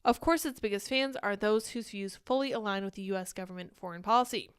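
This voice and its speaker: A woman's voice: medium pitch, quick pace, smooth. A young woman hosting a casual live-stream show, chatting animatedly and reading viewer comments aloud, a little short of breath. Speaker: livestream show host.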